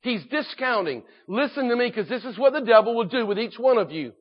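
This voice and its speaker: A man preaching a sermon, emphatic and repetitive, rising in force and dropping low again. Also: expressive, fairly quick. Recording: dull lo-fi recording.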